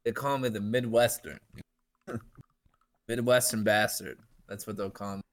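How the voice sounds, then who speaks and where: A man's voice: on the low side, fairly even intonation, unhurried. A man co-hosting a casual podcast, goofy and giggly, often trailing off mid-sentence. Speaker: podcast co-host.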